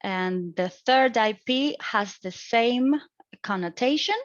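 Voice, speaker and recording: A young adult woman student explaining her recorded exam answer, with slow, deliberate phrasing, hesitant restarts and grammar slips. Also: a little high, animated, no echo. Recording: dry, dull lo-fi home recording.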